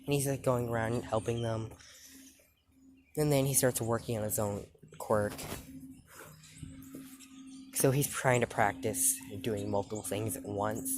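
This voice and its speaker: A man casually retelling his own fan story, rambling and halting with many fillers and restarts. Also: on the low side, fairly even intonation, background noise.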